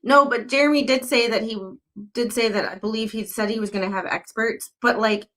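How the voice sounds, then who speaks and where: A woman hosting casual commentary on a court filing. She is blunt and sarcastic, swears freely, and her pitch jumps sharply when she is exasperated. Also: fairly even intonation, fairly quick, fairly bright tone. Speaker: commentary channel host.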